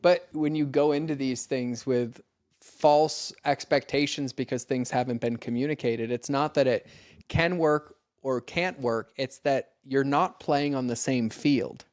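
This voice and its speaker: A man talking as a podcast guest and mentor in casual conversation, earnest and animated as he acts out conversations. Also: medium pitch, a little slow, no echo, studio quality. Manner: earnest, animated when acting out exchanges.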